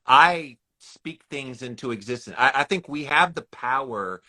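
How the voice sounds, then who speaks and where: A man's voice: medium pitch, lively intonation, unhurried, sharp tone. A man hosting a podcast, chatting casually with playful, emphatic jokes and asides. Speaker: podcast host.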